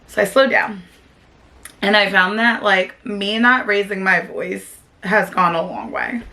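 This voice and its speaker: A woman's voice: medium pitch, creaky, pushed and bright. A young woman vlogging as a stay-at-home mom, talking in a chatty, earnest way and saying "like" often. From South Jersey, USA. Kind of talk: casual talk to camera.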